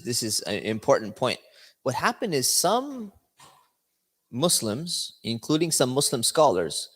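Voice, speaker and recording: A man giving a religious lesson in a conversational, explaining manner, checking in with his listeners as he goes. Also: medium pitch. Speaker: religious teacher. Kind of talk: religious lecture. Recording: long hall reverb.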